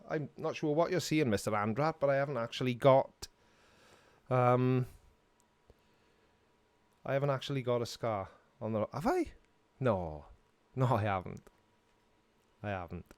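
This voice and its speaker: A man's voice: mid-range voice, lively intonation, normal speed, pauses often, no echo. Chatty Welsh man on a live stream. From Wales. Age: middle-aged. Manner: chatty, self-mocking, reads viewer comments aloud.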